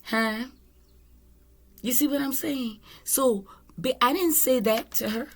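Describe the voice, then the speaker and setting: Blunt, slow-talking woman tarot reader. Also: high-pitched. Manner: blunt and candid, with swearing. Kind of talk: casual spiritual monologue.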